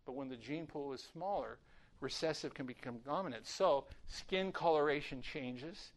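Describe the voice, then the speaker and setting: An older man teaching a sermon in a storytelling way, acting out little scenes with lively voices. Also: moderate pace. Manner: storytelling, acts out voices with rising pitch. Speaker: preacher.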